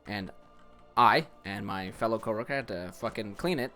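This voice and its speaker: A young man from Ontario in casual chat, telling animated stories full of swearing, laughter and acted-out quotes. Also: on the low side, normal speed, soft background music. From Ontario, Canada.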